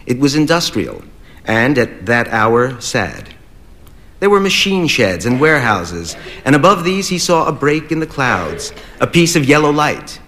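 A man narrating a short story as an audiobook, in a measured, even reading. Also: mid-range voice.

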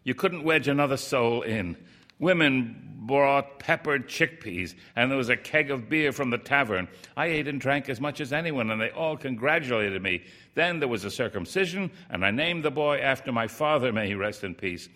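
A man's voice: mid-range voice, animated, moderate pace, pushed and bright. A man reading a first-person story aloud in a plain, wry, rueful storytelling manner.

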